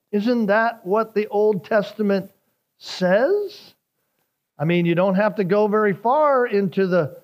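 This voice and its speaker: A man's voice: high-pitched, darkish tone. A man preaching a sermon as a pastor, earnest and building emphasis as he explains scripture, with small repeats and restarts.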